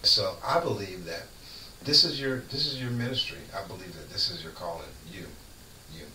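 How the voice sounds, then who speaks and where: A man's voice: deep voice, moderate pace. Fervent preaching man on a radio talk show. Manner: fervent, lively storytelling with voiced quotes. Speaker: radio show guest, consultant. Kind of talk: preaching casual chat. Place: radio studio. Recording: echoey room, far from mic, faint noise.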